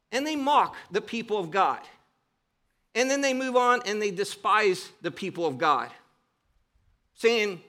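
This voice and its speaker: A man's voice: sits high, expressive, unhurried, long pauses, pushed and bright. A man preaching a sermon as pastor, emphatic and exhorting with rhetorical questions.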